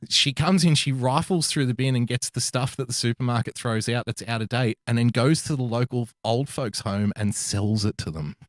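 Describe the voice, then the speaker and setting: A man's voice: medium pitch, normal speed, few pauses, no echo. Male podcast co-host, sweary storyteller, dry close mic, mid-range voice. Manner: profane, rambling anecdotal storytelling. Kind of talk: casual storytelling chat.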